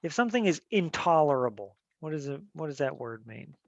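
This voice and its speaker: A man's voice: a little high, sing-song, brisk, creaky, dry recording, dull audio. A male teacher giving a casual classroom lecture, talking loosely with fillers and restarts and putting questions to the class. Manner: conversational, many fillers and restarts, asks students questions.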